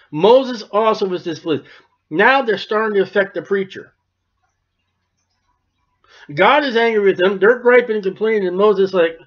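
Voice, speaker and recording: High-voiced folksy male preacher. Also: normal speed, pauses often. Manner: folksy, wry Bible commentary. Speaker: pastor. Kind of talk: expository sermon. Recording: dull lo-fi recording.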